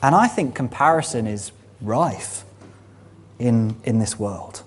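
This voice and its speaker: Preacher, sermon, husky breathy voice, earnest, emphatic, church room. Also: mid-range voice, lively intonation, takes it slowly.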